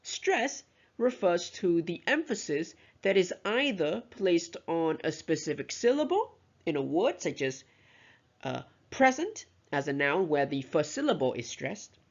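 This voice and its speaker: Teacher narrating a lesson, gravelly tone, dull lo-fi sound. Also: mid-range voice, big pitch swings, unhurried. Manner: explanatory, modelling words aloud, self-correcting. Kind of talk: recorded lecture explaining pronunciation.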